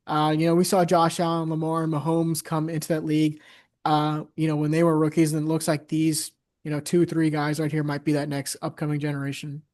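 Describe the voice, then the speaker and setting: Young man talking football in a flat tone. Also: a little high, a little fast. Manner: steady, many "uh" and "you know" fillers. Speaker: podcast co-host. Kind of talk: casual sports chat.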